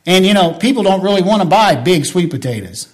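A man's voice: sits high, very animated, a little fast. A man preaching a sermon as a pastor. He tells folksy stories, asks the congregation to agree with him, and builds to emphatic preaching.

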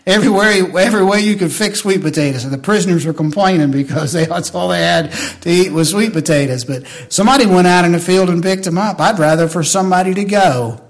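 Guy preaching, kinda high voice for a man, homey storytelling, then gets loud and fired up. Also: animated, a little fast. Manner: folksy storytelling that builds to emphatic preaching; asks the congregation for agreement. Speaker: pastor. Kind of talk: sermon.

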